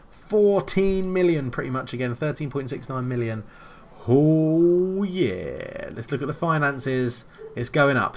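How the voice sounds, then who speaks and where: Playing a football management game, a man offers casual, excitable play-by-play and thinks aloud between plays. His voice sits in the mid range.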